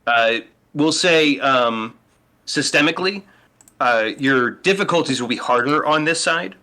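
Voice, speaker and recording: Bright-voiced man running a tabletop game. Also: a little high, animated, measured pace. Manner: explains rules patiently with many fillers. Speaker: game master. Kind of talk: narrating and explaining a tabletop game.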